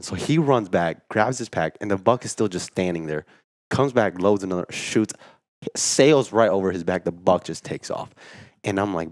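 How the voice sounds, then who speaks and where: A man co-hosting a podcast, telling a story in casual chat, animated and full of "like", acting out what people said. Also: on the low side, moderate pace, no echo, clean studio sound. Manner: animated storyteller, acts out quotes, says "like" a lot. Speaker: podcast co-host.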